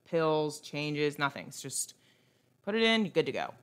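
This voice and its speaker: A woman's voice: deep voice, sing-song, moderate pace, fairly bright tone, clear, resonant tone. A young woman co-hosting a podcast, chatting casually and ranting bluntly about celebrity gossip. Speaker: podcast co-host. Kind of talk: casual chat.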